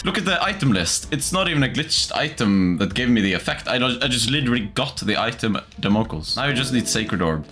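Man, streamer, casual game commentary, lively up-and-down pitch, swears a lot, music playing behind. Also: fairly quick, hardly any pauses. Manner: excitable, swears often, laughs a lot.

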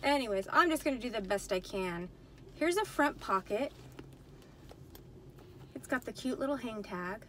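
A woman's voice: a little high, animated, moderate pace, long pauses, a bit bright, slight background noise. A woman chatting casually in a haul vlog, talking to herself, frustrated, addressing viewers as y'all and you guys. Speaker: purse reseller vlogger. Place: indoors at night, dim room.

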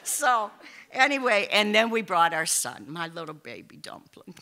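A woman's voice: medium pitch, sing-song, moderate pace, bright, forceful tone. A woman telling a personal story on stage to a live audience, chatty and emphatic with many asides and restarts.

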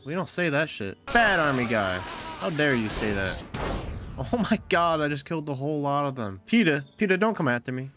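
A young man hosting a gaming channel, casually narrating his play with loud, profane, mocking reactions. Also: a little high, big pitch swings, a little fast, over music. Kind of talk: casual let's-play commentary.

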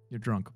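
A man's voice: dry recording, phone-quality sound. A man in comedic in-character game role-play, teasing and mock-serious with a dramatic manner. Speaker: game streamer.

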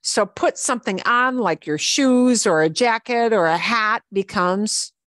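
A woman teaching a beginner Spanish class, explaining commands in English and repeating each Spanish word slowly and patiently. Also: medium pitch, a bit bright, no room sound. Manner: switches between English explanation and Spanish examples. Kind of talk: online language lesson.

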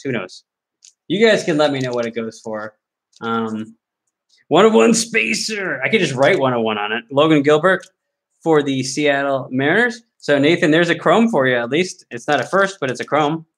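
A man's voice: medium pitch, a bit bright. A man hosting a card break, chatting casually and joking at himself with lots of fillers as he opens packs. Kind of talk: casual live commentary while opening card packs.

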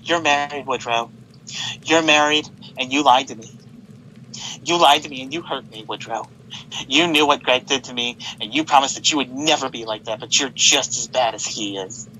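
A betrayed cartoon lover hammers out accusations and threats, voiced by a man. His voice is bright and forceful at a middle pitch. There is a faint hiss in the background. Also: moderate pace, lightly acted, rough recording. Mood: accusing. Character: betrayed, furious lover confronting a liar.

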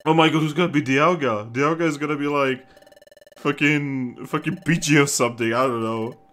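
A let's play commentator giving casual gameplay commentary, excitable, swearing and laughing often. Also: mid-range voice, moderate pace.

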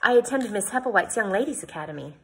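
A woman's voice: mid-range voice, lively intonation, fast, a bit bright. A woman voicing a prim, earnest young lady in a read-aloud storybook, asking questions in a raised voice.

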